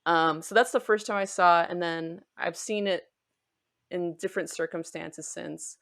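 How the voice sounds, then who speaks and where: A woman's voice: on the low side, normal speed, creaky, a bit bright. A woman guest on a podcast, chatting casually and thoughtfully with many fillers. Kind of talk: casual chat.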